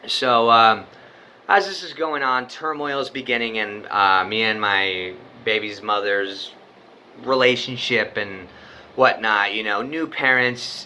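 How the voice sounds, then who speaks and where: Bright, profane young man telling a story. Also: on the low side, slight background noise. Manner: rambling, profane, full of "like" and "you know". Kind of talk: casual spoken storytelling.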